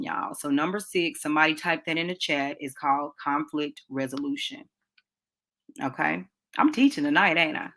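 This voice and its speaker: A woman's voice: deep voice, fairly bright tone. A woman runs a live relationship class. She talks in a chatty, direct way, calling her listeners y'all and asking them to type into the chat. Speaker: podcast host teaching a relationship class. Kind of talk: casual live-class teaching.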